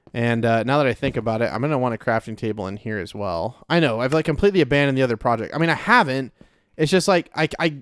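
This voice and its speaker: A man's voice: medium pitch, clean tone, no room sound. A man giving casual, rambling commentary as he plays a video game, talking to himself with lots of filler words. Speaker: Let's Play creator.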